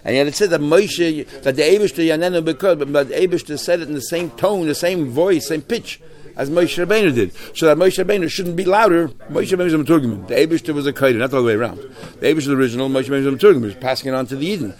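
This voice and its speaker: A man leading a Talmud class, explaining texts in a loose, animated way with many restarts and Hebrew and Yiddish terms. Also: a little high, rapid-fire, hardly any pauses. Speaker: Talmud teacher.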